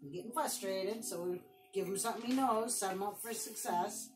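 A woman training her dog and talking it through casually, slipping into high sing-song commands. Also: a little fast, music in the background.

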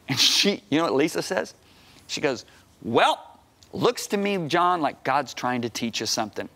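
A man in his sixties, a guest preacher on a television studio set, telling a story in an emphatic way that climbs to high, excited outbursts. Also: normal speed. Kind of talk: animated storytelling on a talk show.

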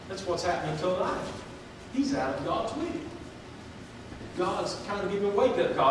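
A pastor preaches in a church, his voice sitting a little high for a man. He moves between quiet reflection and loud, impassioned preaching. The sound is echoey and picked up from far off in a large hall, with a faint hiss of room noise. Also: very animated, moderate pace. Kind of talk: sermon. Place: church sanctuary.

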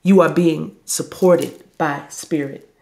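Gravelly-voiced woman leading a slow meditation. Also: sits low, steady tone, dark tone, slight background noise. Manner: slow, soothing, drawn-out phrasing. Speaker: spiritual reader. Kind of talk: spiritual talk and guided meditation.

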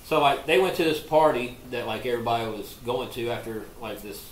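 A man's voice: medium pitch, a little fast. A man on a podcast telling a long, crude story in a rambling way, full of profanity and "like". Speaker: podcast co-host. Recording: echoey room with faint noise.

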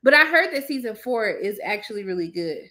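A young woman chatting casually to her viewers, blunt and sassy, ranting with animated emphasis. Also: medium pitch, brisk. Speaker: movie commentator.

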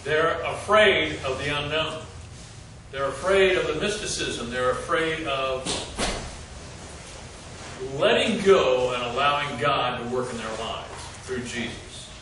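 Slow, halting man leading Bible study. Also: mid-range voice, animated, recorded from a distance. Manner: halting, many fillers, quizzes the group. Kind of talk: group Bible study teaching. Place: church meeting room. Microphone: distant room mic. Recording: echoey room recorded from afar, noisy.

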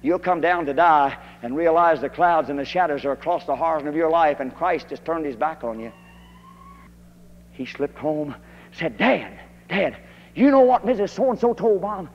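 A preacher from Kentucky, delivering a fiery old-time holiness sermon that rises to shouted emphasis. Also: male voice, a little high, lively intonation, normal speed, slight background noise. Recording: dull archival tape in a hall.

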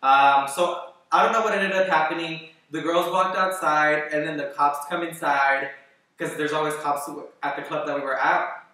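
A man's voice: a little high, moderate pace. Rambling man in an echoey room. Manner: rambling and animated, heavy "like" and swearing. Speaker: vlogger. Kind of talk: casual storytelling Q&A. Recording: very echoey room, voice far from the mic.

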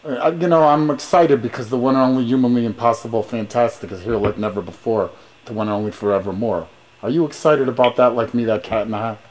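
A man's voice: medium pitch, fast, darkish tone. A man on a rambling phone call, talking in a pushy, grandiose, sing-song patter full of rhymes and sermon-like lines. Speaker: caller.

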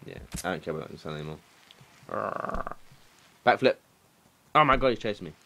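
A young man doing let's play commentary, excitable and swearing, shouting at the game. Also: lowish voice, normal speed, gravelly. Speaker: gaming commentator.

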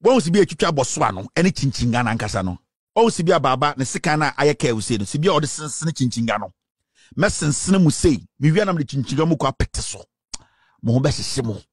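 A man's voice: on the high side, animated, fast talker, husky, no room sound, studio quality. A man with a Ghanaian accent giving a scornful political commentary rant, hurling insults. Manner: scornful, insulting, mocking laughter.

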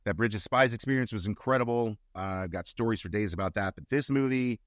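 Talking fast in a lowish voice, a middle-aged actor shares stories as a guest in a casual interview, animatedly acting out each quote. The studio-quality audio has no echo.

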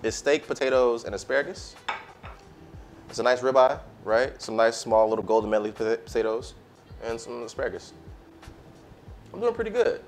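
A man's voice: medium pitch, animated, moderate pace, pauses often. Laid-back slangy man streaming. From United States. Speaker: cooking streamer. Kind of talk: casual live-stream chat. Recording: faint music behind.

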